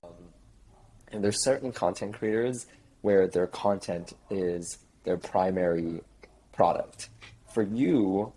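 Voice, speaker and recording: A man co-hosting a podcast, asking long, relaxed questions with fillers. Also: low-pitched, slight background noise, low-quality recording. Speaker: podcast co-host. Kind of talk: casual interview questions.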